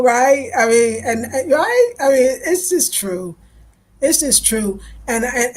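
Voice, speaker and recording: A woman with a high voice, an animated, laughing storyteller who talks straight to her viewers and plays every voice in the tale herself, swinging from bright and loud to low and murmured as she goes. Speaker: video host.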